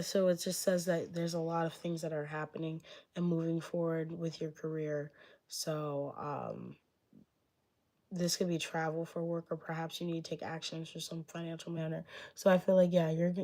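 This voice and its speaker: Young female tarot reader, somewhat low voice, loose chatty delivery full of "like" and "um". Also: a little mellow. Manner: casual, filler-heavy, hedging talk. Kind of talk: live-stream tarot reading.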